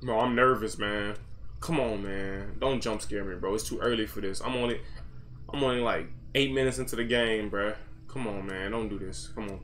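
A man's voice: fairly low pitch, steady tone, normal speed, fairly bright tone, a little hiss or hum. A young man giving panicky, jumpy commentary as he plays a horror game. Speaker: gamer. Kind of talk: horror let's-play commentary.

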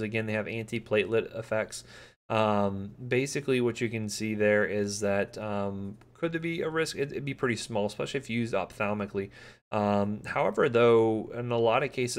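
A man giving a live pharmacology lecture in a conversational way, with frequent ums and pauses to answer student questions. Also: on the low side.

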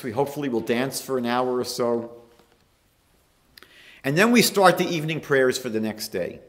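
A rabbi delivering a lecture in a mid-pitched male voice. He tells stories and builds his points to emphatic, raised peaks. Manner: storytelling, rising to emphatic peaks. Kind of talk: lecture sermon.

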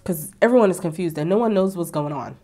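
A young woman with a slightly low-pitched voice talks through a TV episode in a loose, chatty way. She throws in sassy asides and acts out quotes with relish. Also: fast, warm tone. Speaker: TV recap vlogger. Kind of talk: casual chatty recap. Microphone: ring-lit camera setup at home.

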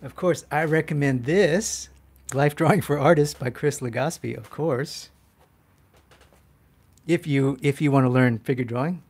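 A man's voice: fairly high pitch, unhurried, slightly rough. Chatty man teaching drawing live. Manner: chatty, self-mocking, animated with frequent fillers. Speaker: art instructor. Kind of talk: live-stream drawing demo, answering chat.

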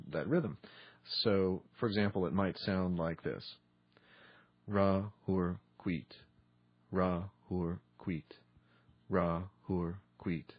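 A man teaching meditation on a podcast in a measured way, pausing often with ums. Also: low-pitched, slightly rough, no echo, lo-fi sound. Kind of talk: instructional podcast talk.

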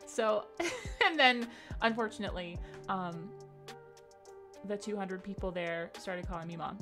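A woman's voice: medium pitch, fairly bright tone, faint music behind. Giggly woman streamer reading chat aloud. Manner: upbeat, giggly, reads chat names aloud rapidly. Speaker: game streamer. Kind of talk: casual live-stream chat.

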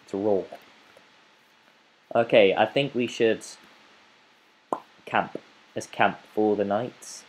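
A man's voice: fairly low pitch, fairly even intonation, slow, pauses often, slight background noise, poor audio. A man giving playful, rambling let's play commentary as a gaming channel host, chatting to the animals in his game.

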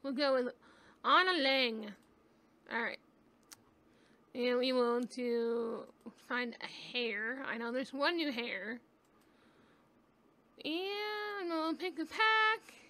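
A woman talks through a game in a casual, rambling way, thinking aloud as she goes. Her voice sits high and sounds bright and clear. She takes her time, speaking at an unhurried pace into a webcam mic at home. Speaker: gaming YouTuber. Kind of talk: casual gameplay commentary.

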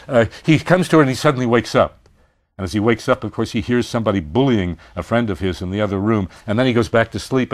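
Older guy lecturing on a novel, low voice that swings up a lot when he gets into the story. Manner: animated storytelling, pitch rising on emphasis. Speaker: literature lecturer. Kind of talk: university lecture.

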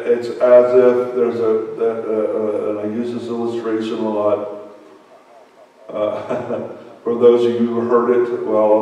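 A man's voice: fairly low pitch, dark tone. A man preaching a sermon as pastor, telling a story with laughs and repeated words. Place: church hall. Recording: echoey hall, mic far off.

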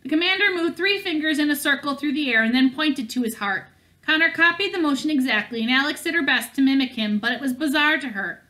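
A woman reading a novel aloud in a steady manner, with small slips and restarts along the way. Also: high voice, a little fast. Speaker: audiobook reader.

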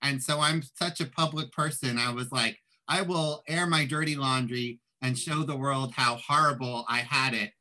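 Bright-voiced, chatty joking man. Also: mid-range voice, fairly even intonation, moderate pace, hardly any pauses, low-quality recording. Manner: chatty, joking, self-deprecating. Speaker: composer and writer, guest. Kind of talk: casual interview chat.

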